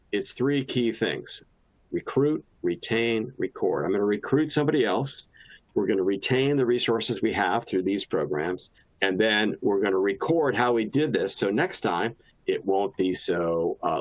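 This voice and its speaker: A man gives a relaxed professional training talk, restarting sentences and sprinkling in personal anecdotes. His voice sits on the low side. The recording sounds dull and lo-fi, like a webinar capture. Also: moderate pace. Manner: casual, anecdotal, frequent restarts and filler. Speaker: presenter.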